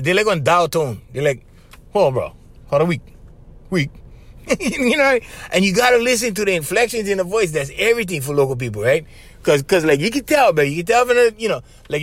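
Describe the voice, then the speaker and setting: A man with a Hawaiian Pidgin accent hosting his podcast, telling stories in a loose, laughing, animated way. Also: sits high, no echo. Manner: animated, laughs often, says bro constantly. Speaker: podcast host. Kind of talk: casual storytelling monologue.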